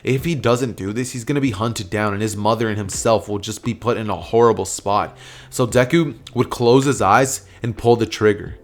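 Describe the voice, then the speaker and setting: A man's voice: lowish voice, normal speed. A man casually narrating a fan story, rambling with lots of fillers and restarts.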